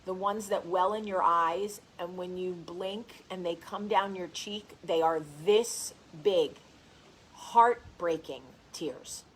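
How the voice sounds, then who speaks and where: A woman's voice: fairly low pitch, takes it slowly, slight background noise. Chatty woman with a New Jersey accent. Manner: rambling, chatty storytelling; greets viewers by name mid-story. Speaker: host. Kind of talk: casual livestream chat.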